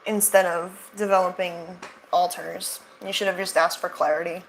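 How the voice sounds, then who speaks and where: A woman's voice: on the low side, little pitch movement, moderate pace, slight background noise, rough recording. A young woman hosting casual reaction commentary, sarcastic and rambling, full of fillers and restarts. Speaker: commentary channel host.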